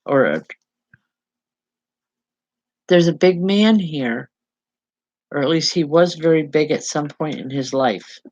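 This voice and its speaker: Low-voiced woman giving a halting psychic reading. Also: dry recording, dull audio. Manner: halting, repeats words, soft reassurance. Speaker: psychic medium. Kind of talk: live spiritual reading.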